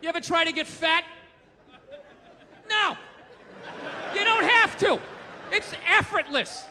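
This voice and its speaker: A man doing a stand-up comedy set, ranting and mocking loudly, with profane punchlines. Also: very high-pitched, takes it slowly, long reverb tail, a faint crowd, a little hiss or hum. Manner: ranting, mocking, loud and profane with acted quotes. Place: comedy stage before an audience.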